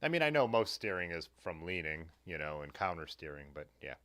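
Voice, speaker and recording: A man's voice: low-pitched, sing-song, fairly quick, a bit bright. A man hosting a casual livestream, rambling along and reading viewer comments aloud. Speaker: livestream host. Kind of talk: casual live chat.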